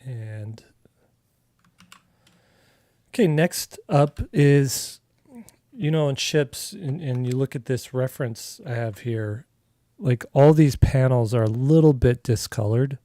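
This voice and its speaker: Talking while he works, a middle-aged man from Arizona, USA, leads a casual live digital coloring lesson, loose and chatty with fillers and restarts. His warm, mellow voice has a middling pitch and a slow pace with long pauses. The recording is close and dry, without room sound.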